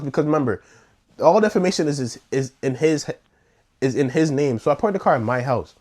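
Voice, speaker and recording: A young man telling a wild story in a slangy, animated vlog, acting out the scenes. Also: a little high, quick pace. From New York.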